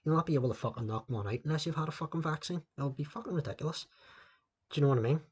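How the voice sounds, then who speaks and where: A man's voice: on the high side, racing, darkish tone, slightly rough. Sweary man ranting solo. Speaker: podcast host. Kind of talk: solo podcast rant. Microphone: laptop mic.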